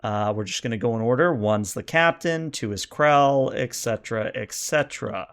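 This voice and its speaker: A man running a tabletop role-playing game, narrating scenes in a lively, playful way and laughing often. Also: mid-range voice, moderate pace, clear, resonant tone. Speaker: game master.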